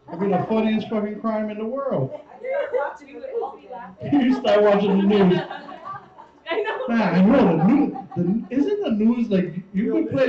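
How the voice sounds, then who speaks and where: A man doing a stand-up comedy set on stage, rambling and swearing as he acts out other people's lines. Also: sits high. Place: comedy show stage before a live audience. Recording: distant, roomy, muffled live-show recording with crowd.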